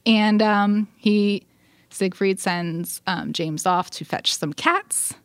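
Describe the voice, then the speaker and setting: A woman co-hosting a podcast and recapping a story in relaxed chat. She acts out quoted lines and fills pauses with "um" and "like". Her pitch is mid-range and the sound is dry and close. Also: smooth, no echo. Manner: animated retelling, acts out quotes, frequent fillers. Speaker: podcast co-host.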